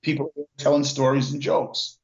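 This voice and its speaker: An older man and former car dealer telling stories in a relaxed, reflective way, repeating words and using lots of fillers. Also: mid-range voice, normal speed. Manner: reflective, restarts and repeats words, many "you know" fillers. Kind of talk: casual storytelling conversation. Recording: echoey, dull lo-fi sound.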